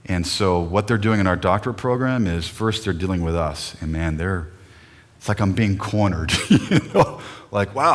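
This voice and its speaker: A man's voice: sits low, in a large hall. A middle-aged male pastor preaching a sermon in an earnest, emotional way, often putting questions to the congregation.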